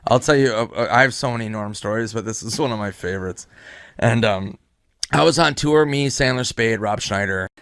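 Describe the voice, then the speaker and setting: A man's voice: fairly low pitch, a little fast, a bit bright, smooth, no echo. Rambling male storyteller, dry sound. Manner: rambling storyteller, acts out both sides of dialogue. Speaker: comedian guest. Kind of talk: casual anecdote.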